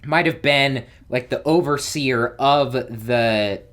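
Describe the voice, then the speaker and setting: A man commenting on his own gameplay in an unhurried, drawn-out way, thinking aloud and breaking into small exclamations as he explores. His voice sits in a middle register. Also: mid-range voice, fairly bright tone. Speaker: let's play host.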